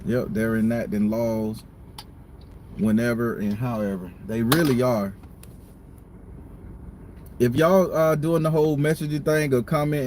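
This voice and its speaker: A man's voice: mid-range voice, a little mellow, slight background noise. A man hosting a live stream from a parked car, venting in a heated, profane rant. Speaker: tarot reader and channel host.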